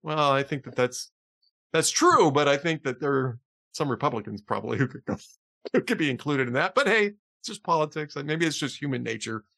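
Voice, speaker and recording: A man's voice: fairly high pitch, lively intonation, a little fast, creaky, bright, forceful tone. A man hosting a podcast in casual chat, telling jokes and chuckling as he reads. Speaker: podcast host.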